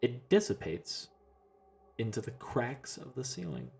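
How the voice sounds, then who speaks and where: A man's voice: medium pitch, very animated, a little slow, gravelly, a little mellow, soft background music. A man narrating as game master of a tabletop game in a casual, easygoing manner.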